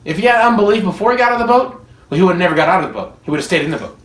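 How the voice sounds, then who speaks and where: A preacher giving a sermon to a room of listeners, animated and often laughing while acting out quoted dialogue. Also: medium pitch, racing. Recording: echoey room, mic at a distance.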